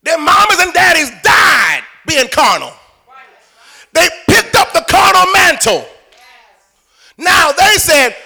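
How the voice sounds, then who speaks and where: High-voiced man preaching a sermon. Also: very animated, slow, gravelly, pauses often. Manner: preaching with shouted and sung-out phrases, acting out dialogue. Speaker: pastor.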